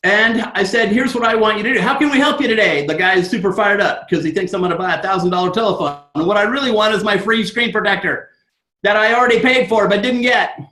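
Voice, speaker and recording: A man who trains network marketers gives a motivational talk and tells a story in an animated, fired-up way. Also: sits high, quick pace, reverberant, rough recording.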